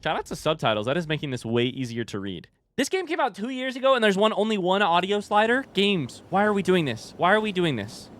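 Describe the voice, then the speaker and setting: A man streaming a horror game with casual commentary, animated and wry, swearing and joking as he plays. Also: high-pitched, brisk, hardly any pauses, a little hiss or hum. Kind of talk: casual let's-play commentary.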